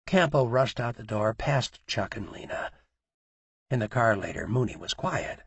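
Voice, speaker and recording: Raspy gravelly guy reading an audiobook, lively, dry sound. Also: lowish voice, moderate pace, dry recording. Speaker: audiobook narrator. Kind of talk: audiobook narration.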